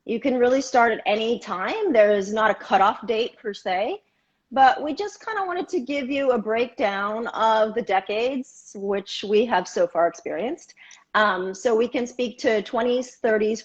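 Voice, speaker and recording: A middle-aged woman co-hosting a live stream as a contortion coach, upbeat and giving clear advice. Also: fairly high pitch, unhurried, lo-fi sound. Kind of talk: casual live-stream chat. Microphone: remote live video call.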